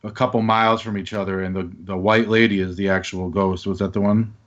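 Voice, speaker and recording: A man's voice: on the low side, flat delivery, a little fast, highs cut off. A man hosting a podcast, chatting casually and filling in details. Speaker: podcast host. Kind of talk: casual conversation.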